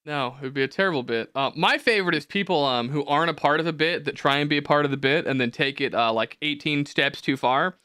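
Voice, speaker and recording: Bright-voiced, animated young host. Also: male voice, on the high side, quick pace, few pauses, smooth, no room sound, clean studio sound. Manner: profane, animated storytelling with mocking quoted voices. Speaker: podcast host. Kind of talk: casual chat.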